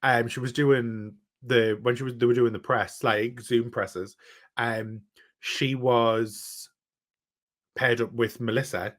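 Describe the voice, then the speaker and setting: A man's voice: medium pitch, fairly even intonation, slow, fairly bright tone. A man co-hosting a horror podcast, chatting bluntly and laughing often. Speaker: podcast co-host. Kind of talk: casual chat.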